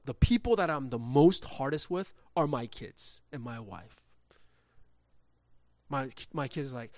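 A middle-aged man preaching a sermon, reading scripture, then telling family stories in a conversational way with frequent restarts that turn lively during the anecdotes. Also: on the high side, no room sound, studio quality. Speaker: pastor.

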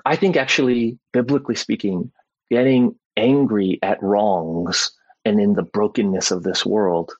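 In a dry, muffled recording, an adult man and father delivers an informal Bible teaching, checking in with "right?" along the way and often saying "like" and "you know." He speaks at a measured pace in a voice on the low side.

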